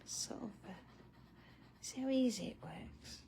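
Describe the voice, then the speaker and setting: A woman's voice: fairly high pitch, lively intonation, measured pace, vocal fry, mellow, a little hiss or hum. A middle-aged woman hosting a live drawing tutorial, chatting casually with viewers by name and laughing often. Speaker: art tutorial host.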